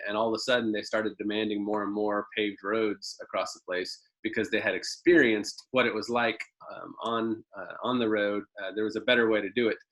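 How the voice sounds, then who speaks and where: Folksy low-voiced man presenting a webinar. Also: fairly bright tone, poor audio. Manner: frequent ums and uhs, folksy storytelling.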